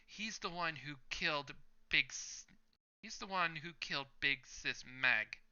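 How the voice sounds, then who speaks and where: A frightened young male villain, voiced by a man reading aloud, breaks into high, strained cries. The voice is bright and clean. The recording sounds slightly muffled and lo-fi. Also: unhurried, clean tone. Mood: panicked.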